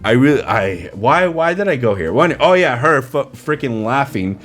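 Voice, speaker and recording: A man's voice: mid-range voice, sing-song, moderate pace, hardly any pauses, fairly bright tone, soft background music. A male podcast host delivers a casual commentary rant into a pop-filtered studio mic. His voice swings widely up and down as he piles on incredulous rhetorical questions. He sounds exasperated and keeps pressing his point.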